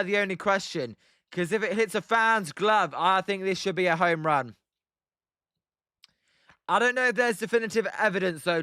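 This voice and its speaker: A young man with an English accent and a fairly high voice, riffing casually through live baseball commentary and reading out viewer comments. His delivery is loose and full of "um"s. The recording is dry and close, with no room sound. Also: pushed and bright, clear, resonant tone, dry recording. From England. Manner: chatty, reads viewer comments aloud, frequent "um". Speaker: livestream host watching baseball.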